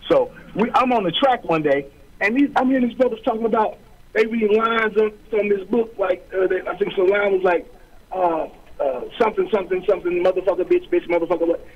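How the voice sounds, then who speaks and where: A man's voice: sits high, brisk, dull audio. A middle-aged man, a guest author, telling his story in an interview with streetwise slang, acting out quoted voices.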